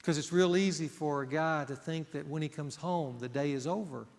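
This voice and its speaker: A male pastor delivers a sermon with earnest emphasis, pressing hard on key words and then dropping to a near hush. His voice sits on the high side for a man. It rings out with a long reverb, as if it fills a large church sanctuary. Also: normal speed, gravelly. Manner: earnest, emphatic preaching that swings between loud and hushed.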